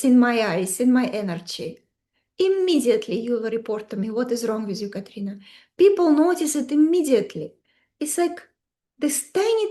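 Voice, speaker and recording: A woman coach teaching a live online class over a video call, speaking emphatically in simple, non-native English phrasing. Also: sits high. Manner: animated, emphatic, acts out client quotes in varied voices. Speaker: beauty and mindset coach.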